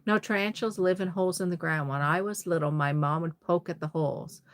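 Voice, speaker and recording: A woman with a fairly low voice talks fairly quickly while hosting a casual livestream. Chatty, she reads viewer comments aloud and answers with laughs and exclamations; the recording is dry.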